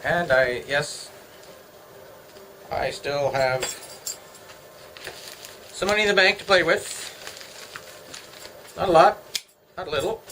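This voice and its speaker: A man's voice: medium pitch, bright, forceful tone, a little hiss or hum, rough recording. A middle-aged Canadian man chatting casually at home, joking and wandering from topic to topic. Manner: joking, meandering, talks to himself. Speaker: vlogger. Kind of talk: casual rambling chat.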